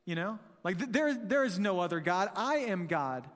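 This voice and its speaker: High-voiced man preaching in a reverberant hall. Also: very animated, brisk, hardly any pauses, fairly bright tone. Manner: conversational, asks the room rhetorical questions. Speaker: pastor. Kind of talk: sermon.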